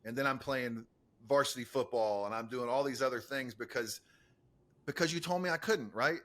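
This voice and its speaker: A man's voice: medium pitch, normal speed, a bit bright. A male podcast host with an ordinary mid-range voice, talking with casual enthusiasm. He fills his speech with "like" and "dude" and often hypes up his guest. The tone is loose, friendly banter. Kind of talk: casual interview chat.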